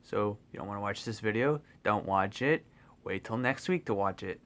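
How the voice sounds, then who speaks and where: A young man vlogging a casual spoiler review of a movie, rambling and excitable, full of fillers and restarts, swearing casually. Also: lowish voice, moderate pace.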